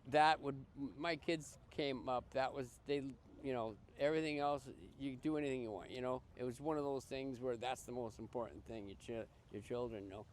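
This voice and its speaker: An older man from Massachusetts, a podcast guest, tells his life story in an earnest, halting way, often restarting and repeating words. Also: medium pitch, steady tone, a little hiss or hum. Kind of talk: personal life story in conversation.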